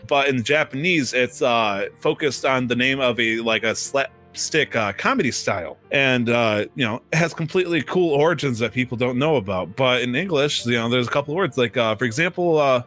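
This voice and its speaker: A man talks loosely and at length on a podcast, full of fillers and restarts. His voice is bright and forceful, set at an ordinary pitch. Faint music plays underneath. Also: brisk, few pauses. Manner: rambling, lots of fillers and restarts. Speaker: podcast co-host. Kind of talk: casual chat.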